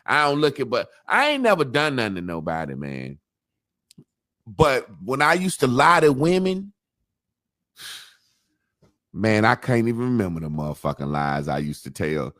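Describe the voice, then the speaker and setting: Animated, profane storytelling man. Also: mid-range voice, normal speed, pauses often, no echo, studio quality. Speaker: podcast co-host. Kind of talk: casual storytelling chat.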